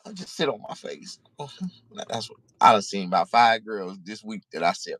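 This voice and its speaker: Brief: deep, lively middle-aged man, profane rambling vlog rant, dry close recording. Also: normal speed, dry recording. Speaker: vlogger. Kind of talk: casual ranting monologue.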